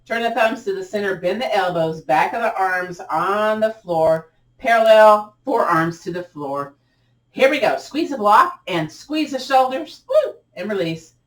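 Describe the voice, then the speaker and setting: A woman leading a gentle yoga class, giving upbeat, cheering cues with chatty asides, her voice a little cracked as she clears her throat. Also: mid-range voice, lively intonation, unhurried. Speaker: yoga instructor. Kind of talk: guided yoga class instruction. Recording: echoey room, distant mic.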